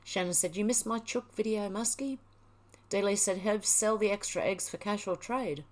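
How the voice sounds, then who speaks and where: A woman's voice: medium pitch, normal speed. A middle-aged woman hosting a livestream, reading viewer comments aloud and chatting back casually. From Australia. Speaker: livestream host reading chat. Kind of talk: casual chat.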